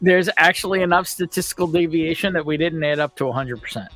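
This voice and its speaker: A man's voice: fairly high pitch, fast, a bit bright, faint music behind. A man hosting a casual group show, running polls and looking things up with a wry manner. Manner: wry, running the poll and searches. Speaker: host.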